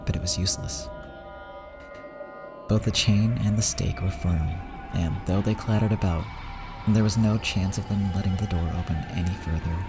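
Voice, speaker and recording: Man, visual novel streamer, first-person dramatic narration, low voice, clear music behind. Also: steady tone, normal speed. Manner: dramatic reading, drops to whispers in tense parts.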